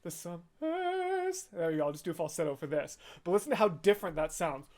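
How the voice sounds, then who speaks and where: A man hosting a music reaction video, talking excitedly as he analyzes a vocal cover and sometimes sings snippets or slips into falsetto. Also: rapid-fire. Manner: gushing, talkative, breaks into sung snippets and falsetto.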